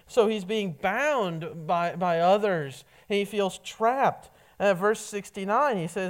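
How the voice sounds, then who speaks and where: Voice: medium pitch, lively intonation, a little slow, hardly any pauses. A preacher giving a sermon, often stumbling and repeating words as a phrase begins.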